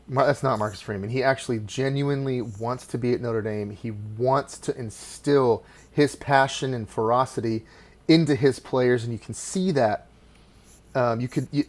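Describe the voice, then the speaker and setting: A middle-aged man hosts a solo sports podcast, his voice sitting at an ordinary middle pitch. He talks with passion and rambles, restarting his sentences often. He drops into quiet asides and then swells into loud, excited bursts. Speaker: podcast host.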